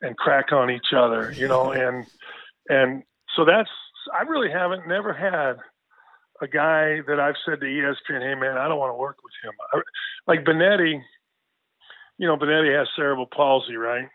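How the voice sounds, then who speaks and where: A man's voice: on the high side, moderate pace, no room sound. A man, a sports broadcaster, chatting casually and telling rambling jokey stories with lots of restarts. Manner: joking, rambling storyteller with frequent restarts. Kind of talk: casual interview chat. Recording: tinny phone line, dry.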